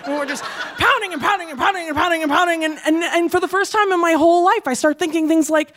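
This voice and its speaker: High-voiced woman telling a wild story. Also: fast talker, some chatter behind. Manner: animated, acts out quotes with shouted outbursts; profane, laughs through the telling. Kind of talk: comic personal storytelling.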